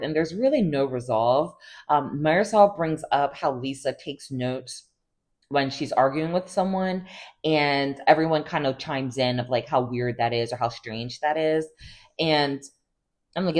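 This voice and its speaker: A woman hosting a casual reality TV recap, chatty and gossipy, full of "like" and quick laughs. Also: low voice. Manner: chatty and gossipy, heavy use of "like", laughs often.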